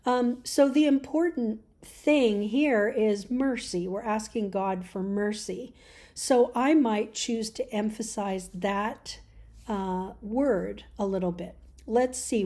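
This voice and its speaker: A middle-aged woman giving a relaxed spoken lesson on church chanting, explaining with fillers and restarts. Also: a little high, measured pace. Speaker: chant teacher.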